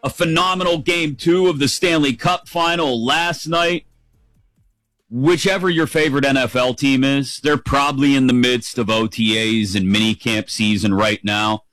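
A middle-aged man hosting sports talk radio, in an upbeat, playful way that wanders from topic to topic. His voice sits at an ordinary pitch. The studio sound is dry and close. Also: fairly even intonation, moderate pace, fairly bright tone, no echo, faint music behind, rough recording.

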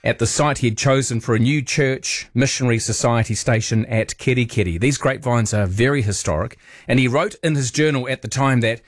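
A man hosts a late-night call-in radio show, talking in a playful, rambling way full of jokey asides. His voice sits at an ordinary mid pitch. Music plays clearly behind him. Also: brisk, dry recording, studio quality. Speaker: radio host.

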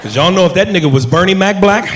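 A man's voice: sits high, expressive, fast talker, fairly bright tone, slight background noise. A man doing stand-up, punchy and sardonic, talking straight to the crowd. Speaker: stand-up comedian. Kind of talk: stand-up routine. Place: comedy club stage. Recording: roomy live club recording with audience.

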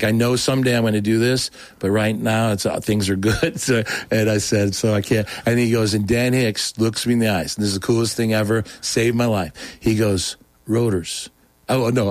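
A man telling his personal story in a casual, animated way, acting out quoted dialogue with many restarts. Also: fairly low pitch, no room sound.

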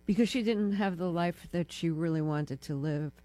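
An older woman hosting a studio interview, asking measured, probing questions. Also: on the low side, dark tone. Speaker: radio interview host.

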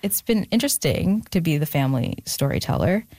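A woman's voice: lowish voice, expressive, a little fast, darkish tone, no room sound, studio quality. A young adult woman speaking as an interview guest, reflective and thoughtful, with many fillers and moments of emotion. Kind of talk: casual interview conversation.

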